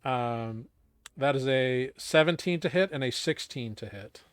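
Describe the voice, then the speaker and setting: A man narrating as game master of a tabletop game, relaxed with many fillers. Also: medium pitch, unhurried, clear, resonant tone, no echo, clean studio sound.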